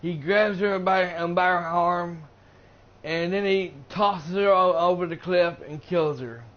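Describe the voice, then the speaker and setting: High-voiced man rambling through a movie recap. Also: measured pace, dull audio. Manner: rambling, full of fillers and restarts. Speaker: gaming streamer reviewing a movie. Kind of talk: casual spoken movie recap on a live stream.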